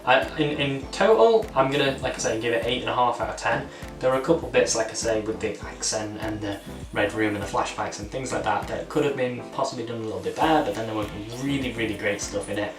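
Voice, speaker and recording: A man hosts a relaxed film review for his channel, speaking quickly in a mid-range voice, eagerly and with plenty of filler words. Music plays behind him, and the distant mic picks up an echoing room.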